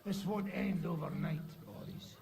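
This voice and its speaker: A gravelly, foul-mouthed old mercenary. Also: male voice, a little high, measured pace, a little mellow. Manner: crude, swearing, gravelly. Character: foul-mouthed grizzled male mercenary, gruff and boozy.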